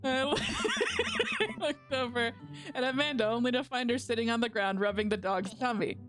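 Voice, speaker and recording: A woman's voice: fairly high pitch, huge pitch swings, normal speed, over loud music. A woman streamer, goofy and self-mocking, reading a dating game aloud and joking through it.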